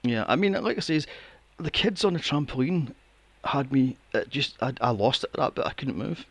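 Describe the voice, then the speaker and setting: A man's voice: medium pitch, lively intonation, normal speed, vocal fry, no room sound. A man co-hosting a podcast in casual chat, telling a story with lots of swearing and laughter. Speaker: podcast co-host.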